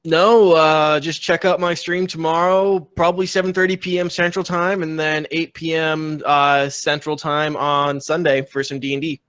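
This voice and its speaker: A man's voice: fairly high pitch, level tone, moderate pace, hardly any pauses, fairly bright tone, clear, resonant tone, no echo, studio quality. A man who is a guest on a live stream, speaking in a laid-back, casual way.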